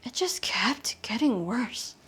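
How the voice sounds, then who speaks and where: A young woman performs a solo comedy story with a fairly high voice. She is animated and shifts her pitch a lot. Her voice climbs to sharp shrieks when she acts out panicked moments. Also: slow, breathy edge. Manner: animated, jumps to high shrieks in acted-out scenes. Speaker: stand-up comedian. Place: apartment.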